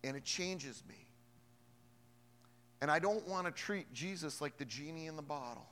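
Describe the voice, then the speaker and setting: Male pastor, slightly high bright voice, emphatic sermon delivery, long reverb of a big hall. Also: moderate pace. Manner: emphatic, shifts from hushed storytelling to loud preaching.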